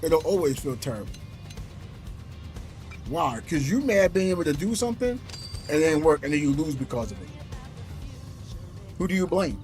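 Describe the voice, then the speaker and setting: A man streaming from home, telling a gaming story in an animated, exasperated way. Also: on the high side, moderate pace, long pauses, soft background music. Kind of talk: casual livestream rant.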